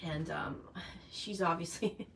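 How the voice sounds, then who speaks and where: A middle-aged woman talks casually to viewers on a live stream. Her voice sits a little low, and she rambles emotionally through many fillers and restarts. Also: slow pace, vocal fry, noisy background.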